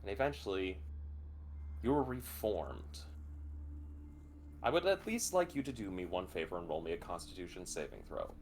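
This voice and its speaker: Expressive low-voiced male game master. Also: normal speed, pauses often, a little hiss or hum. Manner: vivid, expressive narration with swearing. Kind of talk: narrating a tabletop game.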